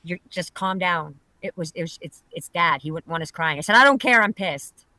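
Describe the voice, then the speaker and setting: A middle-aged woman from Pennsylvania talks in a loose, rambling way, swearing bluntly as she tells her story. Her voice is bright and forward, and the recording is close and dry, with no room sound. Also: deep voice, fairly even intonation, normal speed, dry recording. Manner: rambling, profane, blunt storytelling with frequent laughs. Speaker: caller telling a personal story. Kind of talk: casual chat.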